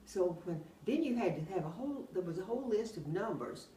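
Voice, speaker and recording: An older woman, telling rambling anecdotes in a casual, animated way and often laughing as she talks. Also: mid-range voice, fairly quick. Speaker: oral history interviewee. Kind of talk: casual storytelling. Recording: roomy, distant mic, faint background hum.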